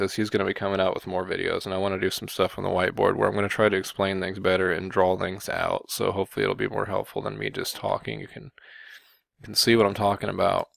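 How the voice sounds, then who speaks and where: A man giving combative Bible commentary, often pausing on "okay" and "you know" to press his point. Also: low voice, vocal fry, a bit bright, dry recording. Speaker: religious video commentator.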